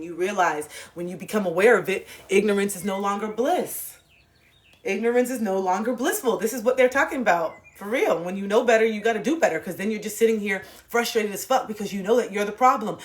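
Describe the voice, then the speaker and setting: A woman's voice: mid-range voice, a little fast. A woman on a livestream giving a blunt, profane motivational talk, repeating points for emphasis and laughing often.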